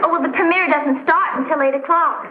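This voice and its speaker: An actress playing an affected young film starlet who gushes and name-drops. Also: female voice, high voice, fairly quick, heavy background noise, close to an everyday voice. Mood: gushing. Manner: airy, gushing, self-important. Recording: tinny old TV sound, roomy.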